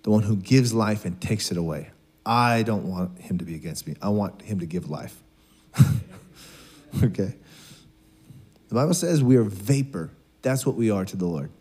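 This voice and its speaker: A man's voice: fairly low pitch, animated, normal speed, pauses often, darkish tone, breathy edge. A man preaching a sermon in a conversational, joking way, acting out bits of dialogue. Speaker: pastor.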